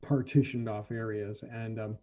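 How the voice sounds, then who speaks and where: Describing the scene as a tabletop RPG game master, a man stumbles along with lots of ums. He has a lowish, warm voice delivered flatly, and the recording loses its highs.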